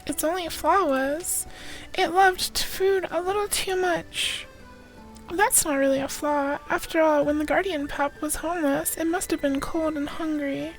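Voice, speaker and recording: A woman's voice: sits high, steady tone, unhurried, faint music behind, poor audio. A woman streamer reading a game's story dialogue aloud in a playful way. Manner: playful, voices the characters' lines. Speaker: game streamer.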